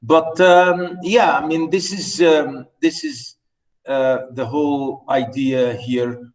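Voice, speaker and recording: A male lecturer talks through poetry slowly and haltingly, full of fillers and restarts. His voice sits a little high for a man. He keeps checking whether his students are following. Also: fairly even intonation, low-quality recording. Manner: hesitant, many fillers and restarts.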